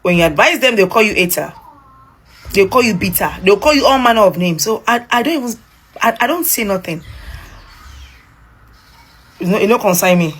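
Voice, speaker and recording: A woman's voice: medium pitch, expressive, normal speed, pauses often, breathy edge. A woman giving an exasperated opinion monologue, repeating points for emphasis. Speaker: social media commentator.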